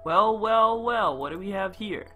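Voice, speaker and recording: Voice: medium pitch, measured pace, bright, forceful tone, soft background music, voice pushed up. A streamer reading out the lines of a cheeky young man in a survival game, teasing and casual.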